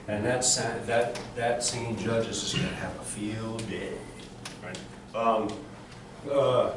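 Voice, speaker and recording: A man coaching a chorus rehearsal, often singing phrases to show how they should go. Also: mid-range voice. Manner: sings phrases to demonstrate, many restarts. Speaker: vocal coach. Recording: echoey room, mic far off, background noise.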